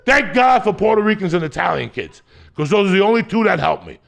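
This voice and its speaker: A man telling a profane comic story as a podcast guest, swinging from loud shouting bursts to low muttering. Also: animated, fast talker. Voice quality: gravelly.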